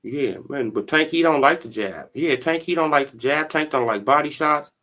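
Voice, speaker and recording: Animated man riffing on boxing, slangy. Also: fairly high pitch, moderate pace. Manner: animated, slangy, laughs often, repeats "right?" and "bro". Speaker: boxing commentary channel host. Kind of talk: casual livestream commentary.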